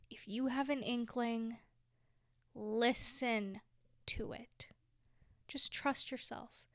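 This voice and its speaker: A woman in her twenties giving heartfelt, emphatic life advice as a vlogger, dropping now and then into soft whispered asides. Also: sits high, fairly even intonation, slow pace, no echo, studio quality. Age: 20s. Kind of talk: heartfelt motivational talk.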